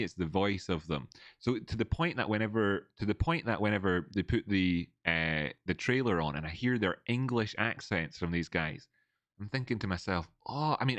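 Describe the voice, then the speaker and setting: A man's voice: deep voice, fairly bright tone, no echo. A man hosting a casual livestream, rambling with many restarts and reading chat messages aloud. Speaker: livestream host. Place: old building, indoors.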